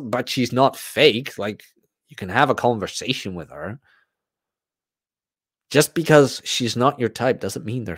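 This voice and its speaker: A man's voice: mid-range voice, no echo, studio quality. A man hosting a podcast, talking in a casual, blunt and profane monologue. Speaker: podcast host.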